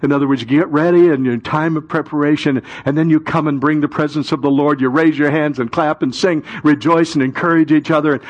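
Male pastor, impassioned sermon delivery, voice pitched a bit high, surges into loud peaks.

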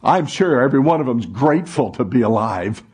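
A man's voice: medium pitch, lively intonation, brisk, darkish tone, husky. A man preaching a sermon to a congregation, asking the room call-and-response questions. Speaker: pastor.

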